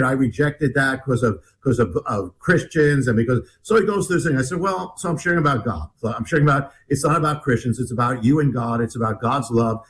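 A man telling a story in an interview, animated and rambling, with many restarts. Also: on the high side, poor audio. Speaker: guest author.

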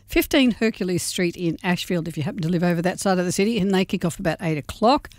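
A woman's voice: on the low side, no echo. Woman, radio co-host, chatty, rambling, dry studio sound. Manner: chatty and warm, rambling a little. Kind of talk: casual radio chat and gig guide.

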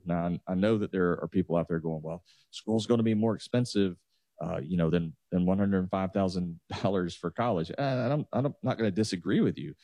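A man's voice: low voice, mellow, no room sound. A man, a financial advisor patiently walking listeners through numbers on a talk show. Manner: explanatory, walks through numbers step by step.

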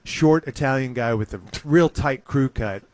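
A man's voice: mid-range voice, normal speed, darkish tone, no echo. Man hosting a casual chat, dry sound. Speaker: radio host.

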